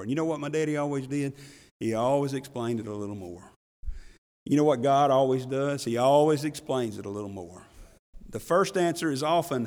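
A man's voice: a little high, animated, brisk, in a large hall. A man preaching a folksy, conversational sermon as pastor, often laughing and repeating himself for emphasis. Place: church sanctuary.

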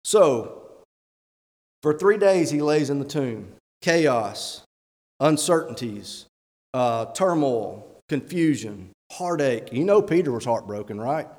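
A man's voice: medium pitch, expressive, takes it slowly, a little mellow. A man, a church elder, preaching a sermon with emphatic rhetorical questions and reading scripture aloud. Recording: long hall reverb.

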